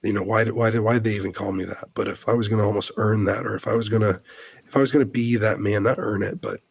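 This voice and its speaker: Gravelly-voiced man telling an earnest story. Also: fairly low pitch, fairly even intonation, quick pace, no room sound. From United States. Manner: earnest and heartfelt, many "like" fillers and restarts. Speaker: guest. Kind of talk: podcast conversation, personal storytelling.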